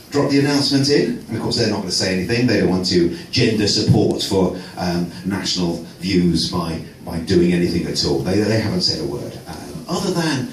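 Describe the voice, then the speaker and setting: A male stand-up comedian performing on a club stage, self-mocking and halting, with lots of fillers. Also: low-pitched, expressive, a little hiss or hum. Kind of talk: stand-up set. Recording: echoey club from far off.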